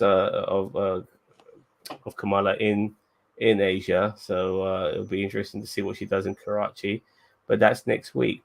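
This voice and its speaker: A man hosts a podcast with a laid-back, rambling recap full of swearing. His voice sits low and carries a gravelly rasp. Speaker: podcast host. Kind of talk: casual episode recap.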